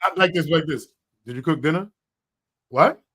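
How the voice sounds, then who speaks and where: A man hosting a podcast in casual chat, animated and laughing, swinging between loud outbursts and quiet asides. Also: a little high, moderate pace. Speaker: podcast host.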